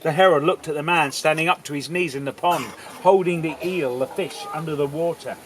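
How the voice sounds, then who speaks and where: A man's voice: a little high, a little fast, a little hiss or hum, rough recording. A man telling a folk tale live to an audience, playful, theatrical and full of asides. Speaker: storyteller. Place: outdoor festival audience.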